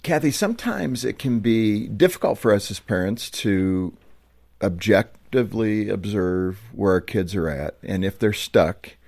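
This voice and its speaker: A low-voiced man asks a guest questions on a radio show, close to a studio microphone. He sounds conversational and thinks out loud. The recording is dry, with no room sound. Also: animated, measured pace, vocal fry, no room sound. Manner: conversational, thinks aloud while asking. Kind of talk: interview questions.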